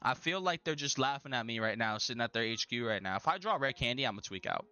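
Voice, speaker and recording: A young man narrates his own card game in a loose, slangy running commentary, dramatic and exasperated. His voice is bright and forceful at an ordinary pitch. Faint music plays underneath. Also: expressive, quick pace, clear, resonant tone, dull audio. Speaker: gaming channel host.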